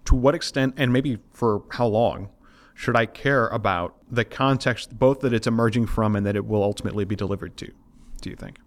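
A man with a slightly low-pitched voice co-hosts a casual podcast on game design. He frames his questions in a measured, thoughtful way, piling up near-synonyms as he goes. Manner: measured, thoughtful, lists terms as he searches for words.

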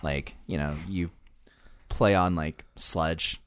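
A man co-hosting a casual gaming podcast, joking and explaining game strategy with quick asides. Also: sits low, clear, resonant tone. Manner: animated, joking, talks fast about games. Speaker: podcast co-host. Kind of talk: casual chat.

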